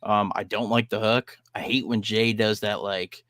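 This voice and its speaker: A man's voice: lowish voice, little pitch movement, a little fast, few pauses, fairly bright tone, no echo, clean studio sound. A man hosting a podcast, chatting casually about a record he just heard, rambling with many fillers and frank swearing. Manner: rambling, lots of "like" and "um". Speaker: podcast host. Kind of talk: casual music review chat.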